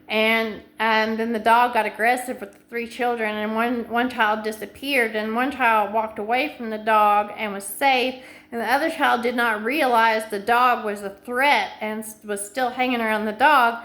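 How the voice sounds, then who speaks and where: A woman's voice: on the high side, steady tone, moderate pace, a bit bright. A middle-aged woman in a rambling monologue to camera, stringing long chains of clauses together in an anxious, insistent way. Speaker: vlogger.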